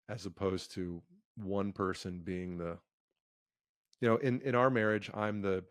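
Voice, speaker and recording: A man's voice: on the low side, no echo, clean studio sound. A middle-aged man who is a comedian and author, speaking as a guest in a casual interview, thoughtful, with stammered restarts and wry asides.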